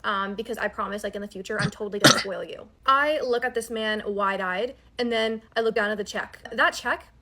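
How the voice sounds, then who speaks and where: Woman retelling a date gone wrong, talks fast, does the voices in the quotes. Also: medium pitch, very noisy. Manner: acts out quoted dialogue while telling a story. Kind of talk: storytelling about a bad date.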